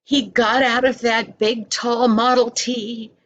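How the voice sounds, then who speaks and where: Slow, expressive grandmotherly storyteller. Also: a little high, lo-fi sound. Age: older. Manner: expressive, dramatic whispers and sound effects. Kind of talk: storybook reading.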